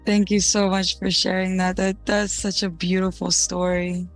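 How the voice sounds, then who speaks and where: Podcast host with a flat delivery. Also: medium pitch, normal speed, soft background music. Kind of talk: interview chat.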